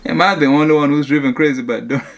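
A man's voice: on the high side, racing, creaky. A man hosting a reaction channel, chatting in a laid-back, casual way about the clips he watches.

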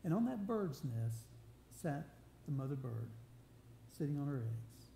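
A man's voice: medium pitch, big pitch swings, a little slow, vocal fry, warm tone. A man preaching a sermon, earnest and conversational, often restarting and building emphasis. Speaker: pastor. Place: church sanctuary. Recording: roomy church live stream with faint hum.

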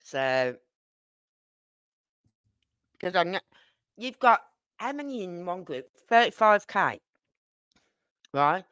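A YouTuber doing live-stream commentary. The speaker talks emphatically, asks rhetorical questions, repeats points and apologizes for talking too fast. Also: mid-range voice, big pitch swings, a bit bright, clear, resonant tone, no room sound.

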